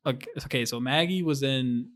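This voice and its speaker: A young man co-hosting a podcast in casual chat, slangy and joking, with quick interjections. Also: mid-range voice, fairly bright tone. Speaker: podcast co-host.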